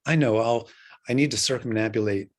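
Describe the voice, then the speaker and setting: An older man voicing a perplexed young monk student in a story he tells, eager and puzzled, a little higher than his own voice. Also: brisk, close to an everyday voice. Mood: earnest.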